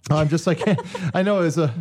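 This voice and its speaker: A man's voice: a little high, normal speed, a little mellow. A man telling a short story in casual comedic banter, hesitating with fillers. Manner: laughing asides, hesitant storytelling.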